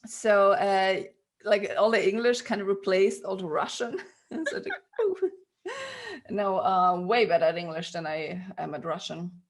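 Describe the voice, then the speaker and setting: A woman's voice: medium pitch, big pitch swings, measured pace. A woman with a Ukrainian accent, a podcast guest chatting casually, candid, laughing often and swearing freely. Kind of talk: casual interview chat.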